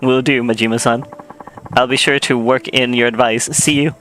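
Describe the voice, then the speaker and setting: Earnest young official read by a man, bright voice, mid pitch. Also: steady tone, normal speed, slight background noise, natural voice, rough recording. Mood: grateful. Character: eager young male tax official. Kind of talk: reading game dialogue aloud.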